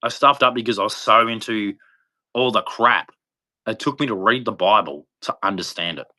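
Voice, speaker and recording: Forceful man preaching, rambling. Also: moderate pace. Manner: rambling, preachy, jumps in pitch for emphasis. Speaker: livestream host. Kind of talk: impassioned religious monologue.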